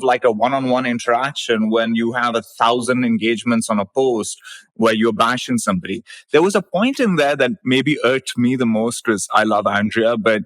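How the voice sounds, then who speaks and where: A man's voice: mid-range voice, a bit bright, no echo. A man co-hosting a podcast who gives blunt, opinionated views in casual conversation. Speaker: podcast co-host.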